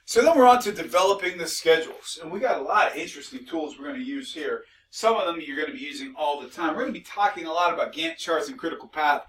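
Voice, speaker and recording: A man's voice: on the high side, fast, few pauses, a bit bright, recorded from a distance, poor audio. A male instructor giving a recorded lecture, conversational and mildly sarcastic, with frequent restarts.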